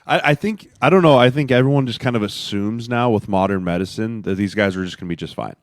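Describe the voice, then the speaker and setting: A man co-hosting a sports podcast, an emphatic, animated storyteller who swears casually. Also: on the low side, fast, no echo. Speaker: podcast co-host, former lineman.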